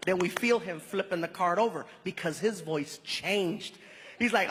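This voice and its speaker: High-voiced man telling stand-up stories. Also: a little slow. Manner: animated, loud and theatrical delivery. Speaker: stand-up comedian. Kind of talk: stand-up storytelling. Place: large live comedy venue. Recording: stage mic in a reverberant hall with loud crowd noise.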